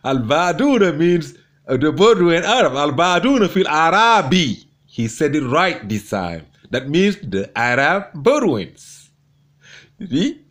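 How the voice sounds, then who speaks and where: Man, gloating debate commentary, mocking, lively pitch, a bit high. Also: a little slow. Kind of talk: commentary over debate clips.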